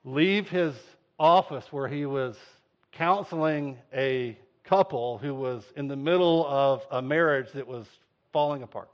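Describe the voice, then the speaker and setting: A man preaching a sermon, telling a story in an animated way and acting out voices. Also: medium pitch, a little slow. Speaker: pastor. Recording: dull lo-fi sound.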